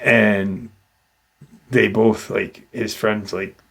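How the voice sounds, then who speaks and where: Slow-spoken man retelling a story. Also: lowish voice, steady tone, creaky. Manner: casual, loose with fillers. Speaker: paranormal channel host. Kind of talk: retelling a witness encounter.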